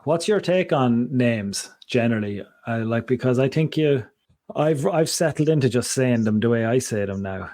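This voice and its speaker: A man's voice: medium pitch, expressive, moderate pace, mellow, dry recording. Guy co-hosting a podcast, rambly, keeps cutting himself off, dry close mic. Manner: rambling, digressive, self-interrupting. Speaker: podcast co-host. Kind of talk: casual chat.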